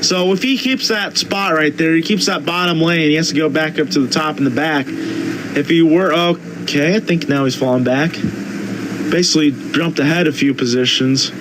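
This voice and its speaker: A young man with a high voice calls a sim race live as its host. He delivers quick play-by-play and climbs into excited shouts whenever cars tangle. Steady background hiss runs under his mic. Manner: excitable, rising to shouts at crashes. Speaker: race commentator.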